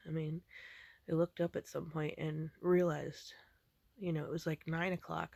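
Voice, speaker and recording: A woman with a heavy, gravelly fry in her voice talks through a dream she had, rambling and low-key, full of ums and restarts. She is recorded close and dry, with no room sound around her. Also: darkish tone, dry recording. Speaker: vlogger recounting a dream. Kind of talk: casual spoken dream recounting.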